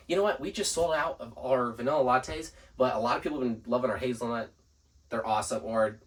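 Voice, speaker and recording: A man hosting a business podcast, giving casual tips and acting out quick customer exchanges while writing points on a board. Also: a little high, lively intonation, a bit bright, recorded from a distance. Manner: writes on a board while talking. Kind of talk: casual instructional talk.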